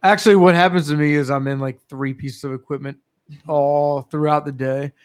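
A young man in casual chat, telling work stories with profanity and loud acted quotes. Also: on the high side, fairly even intonation, moderate pace, smooth. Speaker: podcast guest.

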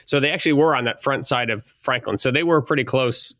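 A man's voice: medium pitch, fast, a bit bright, no echo. A middle-aged man, a retired negotiator, telling stories as an interview guest and often chuckling as he speaks. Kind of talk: conversational storytelling.

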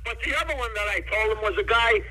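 Bright high-voiced joke-telling man. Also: quick pace, rough recording. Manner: animated storyteller, laughs at own jokes. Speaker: comedian guest.

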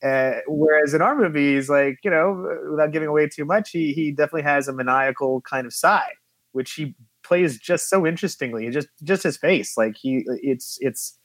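A man with a fairly high voice, chatting as a film producer in a casual interview. He tells lively anecdotes and acts out the lines of the people in them. The sound is dry and close. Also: moderate pace, no echo. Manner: animated storyteller who acts out quotes.

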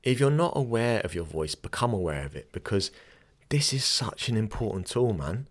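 Low-voiced man chatting casually. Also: big pitch swings, normal speed. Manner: chatty, self-correcting, laughs easily. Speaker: podcast host and yoga teacher. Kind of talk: casual podcast chat.

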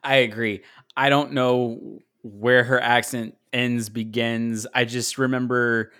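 A man's voice: mid-range voice, flat delivery, takes it slowly, fairly bright tone. Chatty male podcast host. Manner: chatty, self-correcting, laughs easily. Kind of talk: casual podcast chat.

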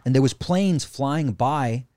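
Excitable man telling a story, dry close sound. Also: medium pitch, slow pace, dry recording. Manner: animated, excitable, peppered with slang and swearing. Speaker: podcast guest. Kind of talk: casual storytelling.

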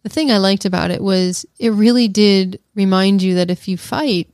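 A woman's voice: mid-range voice, steady tone, normal speed, darkish tone, dry recording, clean studio sound. A woman co-hosting a casual film review podcast, thoughtful and teasing, often restarting her sentences. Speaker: podcast co-host.

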